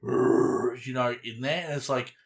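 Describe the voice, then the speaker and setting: Casting: man, podcast co-host, loose and animated, swears freely, mid-pitched. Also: normal speed. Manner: rambling, animated, swears casually. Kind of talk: casual chat reviewing an album.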